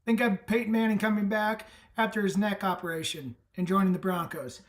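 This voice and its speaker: A man's voice: high-pitched, steady tone, brisk. A man hosting a live online summit, talking with emphatic, enthusiastic encouragement over a video call. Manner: enthusiastic, emphatic pep talk. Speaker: summit host. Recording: echoey room, distant from the mic.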